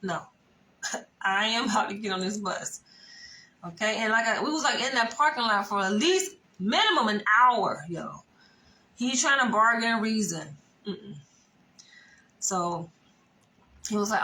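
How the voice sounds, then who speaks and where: A young woman recounts a dating misadventure in an animated, profane, conversational storytime. Her voice sits mid-range with a sharp, bright edge. A faint hum of room ambience sits under the voice. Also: mid-range voice, measured pace, long pauses, poor audio. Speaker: vlogger telling a dating story. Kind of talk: casual storytime monologue.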